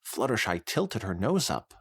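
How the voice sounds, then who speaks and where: Name: low-voiced co-host. Sex: man. Style: narration. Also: big pitch swings, unhurried, creaky, slightly rough, no room sound, clean studio sound. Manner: wry, laughs easily. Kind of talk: reading fanfiction aloud with banter.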